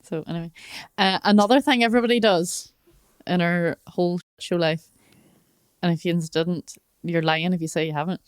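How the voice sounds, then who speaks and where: A woman's voice: fairly low pitch, steady tone, normal speed, smooth, no echo. A woman, co-hosting a podcast with teasing banter in casual chat. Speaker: podcast co-host.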